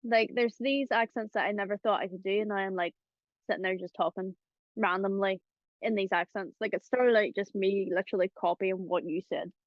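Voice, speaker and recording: A woman's voice: medium pitch, fairly even intonation, fairly quick, dry recording. Chatty woman host, dull dry sound. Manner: chatty, laughing, lots of fillers. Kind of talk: casual chat about voice acting.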